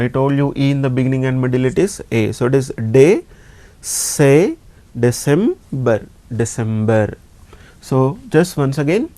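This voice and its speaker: A male teacher talks slowly and steadily to his class. He repeats every word several times with patience, and his voice is dark and mellow. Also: medium pitch. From India. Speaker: language teacher. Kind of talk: slow classroom teaching with repetition.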